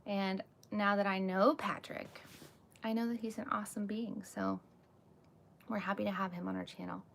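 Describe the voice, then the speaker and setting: This live-stream host, a woman, has a mid-range voice with little pitch movement, vocal fry, and a moderate pace, captured on a phone or webcam with slight background noise. She talks candidly, reads viewer comments, and fills her speech with "like" and "um."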